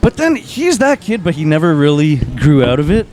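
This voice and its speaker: A man with a high, very lively voice tells stories as a podcast guest. He talks casually, in an animated and excitable way, and keeps a quick flow of chat going. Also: a little hiss or hum.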